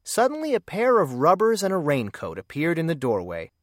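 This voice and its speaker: A storyteller reading a children's mystery aloud with expressive storybook delivery. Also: mid-range voice, brisk, no room sound, clean studio sound. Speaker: narrator.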